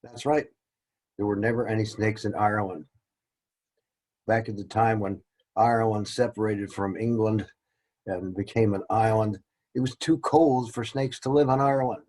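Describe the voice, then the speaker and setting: A man's voice: lowish voice, fairly even intonation, normal speed, long pauses, a little mellow, rough recording. A man teaching a casual lesson, rambling and joking at his own expense. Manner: rambling, joking and self-deprecating. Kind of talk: casual classroom-style lecture.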